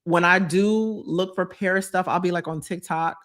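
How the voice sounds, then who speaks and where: A woman's voice: on the low side, fairly even intonation, normal speed, fairly bright tone. A woman vlogger chatting casually on a live stream, gushing and reading out viewer comments. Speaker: vlogger hosting a live chat.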